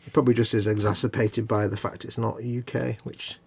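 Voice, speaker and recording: A man's voice: on the low side, level tone, brisk, gravelly, a little mellow, slightly rough. A man co-hosting a live hobby stream, explaining at length in a rambling, casual way with hedges and restarts. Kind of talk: casual chat.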